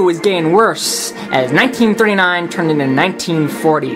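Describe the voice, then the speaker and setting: Fan reader with score music behind. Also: male voice, on the high side, expressive. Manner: halting, stumbles over words. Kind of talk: amateur story reading. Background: background film-score music.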